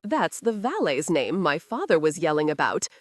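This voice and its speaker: A woman's voice: sits low, sing-song, moderate pace, no echo, studio quality, voice pushed down. A woman narrator voicing a petulant, entitled young man who whines and pities himself in a romance audiobook. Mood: whiny. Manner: whining, self-pitying.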